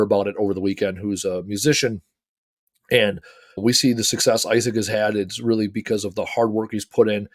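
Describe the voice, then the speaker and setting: A man's voice: on the low side, darkish tone, no echo. A middle-aged man from the United States hosts his own motivational talk, speaking with energy and emphasis. He swears casually and punches his key points. The recording is dry and close, with no room sound. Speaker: host.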